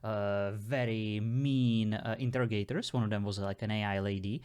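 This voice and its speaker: A man's voice: on the low side, steady tone, moderate pace, a little mellow, clear, resonant tone. A man playing a text adventure, chatting casually and rambling with lots of "uh"s. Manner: rambling, full of uh fillers. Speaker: player. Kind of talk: casual role-play chat.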